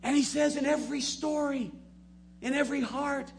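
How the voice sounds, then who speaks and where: A man preaching a sermon, moving between soft, low asides and loud, emphatic peaks. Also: fairly even intonation, normal speed, creaky, slight background noise. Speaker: pastor.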